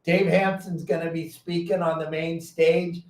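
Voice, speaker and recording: Energetic, blunt man. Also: on the high side, a little slow, reverberant, distant mic, poor audio. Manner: loud, energetic, blunt storyteller. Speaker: fishing show host. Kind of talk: casual podcast chat.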